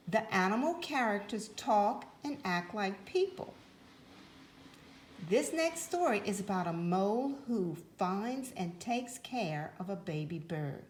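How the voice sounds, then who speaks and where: A woman teaching a phonics lesson to young children, speaking slowly and clearly in an encouraging way. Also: mid-range voice. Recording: roomy echo.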